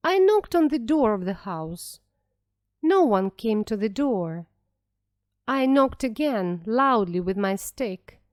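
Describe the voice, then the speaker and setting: Slow, lively woman reading a story. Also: a little high, no room sound, clean studio sound. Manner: careful, deliberate, expressive. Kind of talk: slow clear story reading for English learners.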